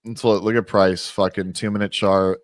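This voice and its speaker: A man hosting a live trading stream in casual chat, excitable and swearing, calling out names like a race announcer. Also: on the low side, moderate pace, dry recording.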